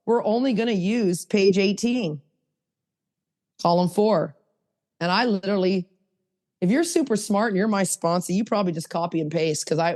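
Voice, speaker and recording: On a podcast mic, a woman hosts a podcast and casually teaches a hands-on workshop. Blunt and self-mocking, she swings from low asides up to high, emphatic bursts.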